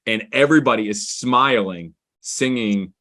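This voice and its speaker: A man being interviewed, telling stories with excitement and growing quietly emotional when he reflects. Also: fairly low pitch. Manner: excited, fast-flowing anecdotes. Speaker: guest. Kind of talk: conversational storytelling.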